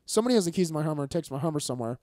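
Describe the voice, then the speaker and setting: High-voiced man telling a wild story. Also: racing, no echo, clean studio sound. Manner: animated, profane storyteller acting out quotes loudly. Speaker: fighter and podcast guest. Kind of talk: casual storytelling chat.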